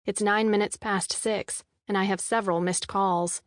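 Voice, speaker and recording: A young adult woman narrating a first-person audiobook in a measured, expressive way, with an anxious inner tone. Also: mid-range voice, no room sound. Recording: dry studio voice-over.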